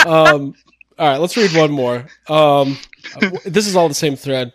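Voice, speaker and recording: A man's voice: fairly high pitch, measured pace, a little hiss or hum. A man co-hosting a podcast in casual chat, reading comments aloud mockingly and laughing. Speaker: podcast co-host.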